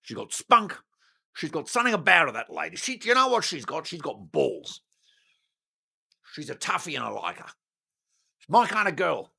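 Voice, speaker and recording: A man's voice: a little high, very animated, normal speed, vocal fry, pauses often, bright, forceful tone, husky, heavily acted. A man voicing a brash, boastful billionaire.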